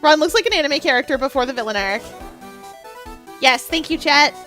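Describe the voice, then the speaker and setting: A woman's voice: high voice, lively intonation, fairly quick, bright, forceful tone, faint music behind. Chatty joking young woman streamer. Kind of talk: live gaming stream chat.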